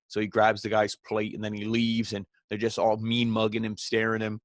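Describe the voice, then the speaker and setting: A man's voice: on the low side, completely flat delivery, quick pace, few pauses, dry recording. A man reviewing a wrestling show in a casual, rambling recap, full of filler phrases and casual swearing.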